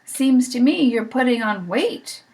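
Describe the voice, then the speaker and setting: A woman's voice: fairly high pitch, lively intonation, measured pace, darkish tone, slight background noise, poor audio. A woman voicing a blunt, gloomy old female sheep who speaks in a stern, matter-of-fact way.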